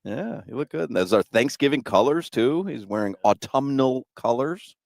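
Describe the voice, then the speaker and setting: A man's voice: medium pitch, lively intonation, normal speed, gravelly, a little mellow, no room sound, studio quality. A man hosting sports radio live from an arena, teasing his co-hosts and laughing often. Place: live remote broadcast at an arena.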